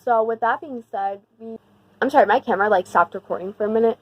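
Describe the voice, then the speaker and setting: A young woman telling a storytime on her vlog in a slangy, rambling way full of "like", animated and emphatic. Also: on the high side, fast talker, dry recording, lo-fi sound. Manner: slangy, rambling, heavy use of "like"; animated and emphatic when retelling the scary part. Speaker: vlogger. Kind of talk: casual storytime.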